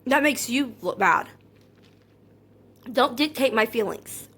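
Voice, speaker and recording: A woman content creator talking straight to her viewers in a personal monologue, earnest and hurt, calm but anxious, often repeating herself. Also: fairly high pitch, husky. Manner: calm and measured, not loud.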